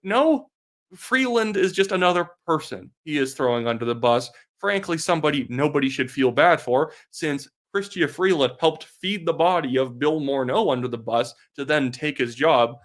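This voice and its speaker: A man's voice: fairly high pitch, a bit bright. A young man from Canada giving casual political commentary, blunt and sarcastic, with lots of "like" fillers. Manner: fast talk with many filler "like"s.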